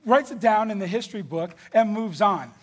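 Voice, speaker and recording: A man tells a Bible story in an animated, conversational way, with slang thrown in. His voice sits high and has a husky edge. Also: normal speed. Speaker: Bible teacher.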